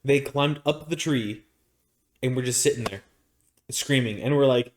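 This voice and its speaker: A man's voice: medium pitch, unhurried, slight background noise. Rambling man telling a podcast story. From Arizona, United States. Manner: rambling, animated storyteller with many restarts and fillers. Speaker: podcast co-host. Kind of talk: casual storytelling chat.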